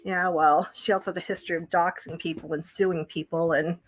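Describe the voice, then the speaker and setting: A woman's voice: lowish voice, fairly even intonation, a little fast, poor audio. A woman on a casual live stream at home, blunt and sweary, chatting with her viewers and her dogs, a little out of breath. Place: home, indoors.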